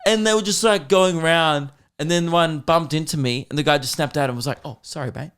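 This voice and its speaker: A man with an Australian accent, a comedian hosting a podcast, telling stories in a casual, rambling, animated way. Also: a little high, fairly quick, clean tone. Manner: rambling, animated, slips into voices.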